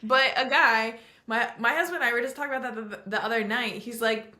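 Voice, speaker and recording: Woman, young adult, podcast host, animated, bright, roomy echo. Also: on the high side, a little fast. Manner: animated, ranting, emphatic. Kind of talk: casual chat.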